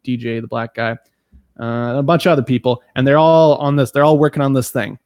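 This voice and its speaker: Man, mid-pitched voice, dry close sound, deadpan sarcasm, casual podcast. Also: a little fast, no room sound. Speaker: podcast co-host. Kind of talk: casual movie review chat.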